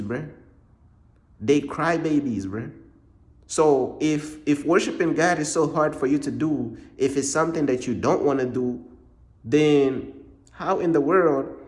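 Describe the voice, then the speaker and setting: A man's voice: on the high side, a little mellow. A man preaching in a casual monologue, blunt and repetitive, full of street slang.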